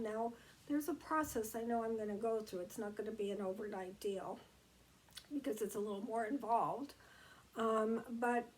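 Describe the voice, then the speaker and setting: A woman giving a reflective motivational talk, gentle and meandering, with many fillers and restarts. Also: a little high, low-quality recording.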